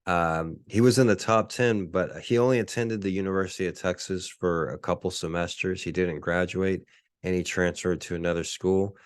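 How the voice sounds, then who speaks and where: A man hosting his own solo podcast, talking casually and deadpan, with lots of ums and uhs. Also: low voice, normal speed, clear, resonant tone, no echo. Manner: relaxed, filler-heavy, deadpan. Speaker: podcast host.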